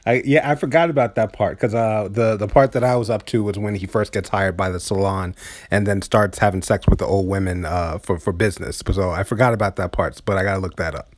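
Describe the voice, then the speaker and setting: A man hosting a podcast in casual chat, laughing often and talking in halting starts full of fillers. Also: fairly low pitch, steady tone, a little hiss or hum. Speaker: podcast host.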